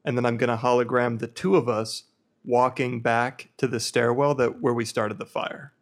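Guy at a tabletop game calmly explaining his move. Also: mid-range voice, normal speed. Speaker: player. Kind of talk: casual tabletop play.

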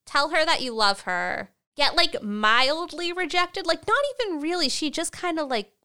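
A woman co-hosts a podcast, casually chatting through a recap of a TV episode, laughing often and acting out the characters' lines. Her high voice is expressive, bright and forceful, at a normal speed.

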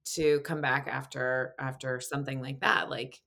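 A woman with a low voice talks in a relaxed, unscripted chat. She affirms what her partner says and brightens into animated storytelling, laughing easily as she goes. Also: moderate pace, creaky. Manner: warm affirming listener, animated when telling stories, laughs easily. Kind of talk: casual chat.

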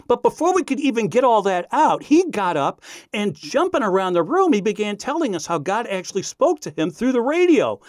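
Animated man telling a story. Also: very high-pitched, moderate pace, no echo, studio quality. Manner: animated, self-deprecating storyteller. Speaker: radio speaker. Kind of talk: personal storytelling.

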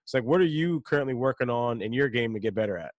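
A man's voice: medium pitch, animated, fast, dry recording, clean studio sound. A man co-hosting a podcast, upbeat and talkative, often restarting his sentences. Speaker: co-host. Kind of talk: casual podcast conversation.

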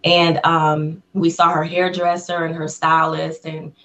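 A woman guest on an interview podcast, excitedly telling a personal story in casual conversation. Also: deep voice, measured pace. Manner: excited storyteller who acts out the voices of people in her story.

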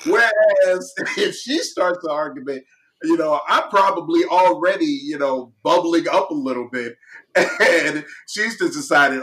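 A man's voice: fairly high pitch, a little slow, a bit bright. A man co-hosting a casual chat show. He laughs often and acts out quotes. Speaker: podcast co-host.

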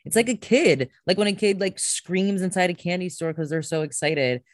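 A woman's voice: lowish voice, moderate pace, no echo, studio quality. A woman guest on a podcast, a coach, talking enthusiastically and emphatically in casual chat.

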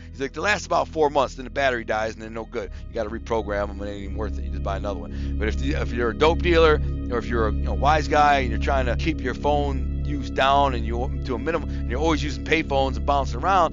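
A man's voice: medium pitch, dull audio. Streetwise man telling stories. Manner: streetwise, animated, quotes others in acted voices. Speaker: storyteller recalling his past. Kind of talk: casual storytelling monologue.

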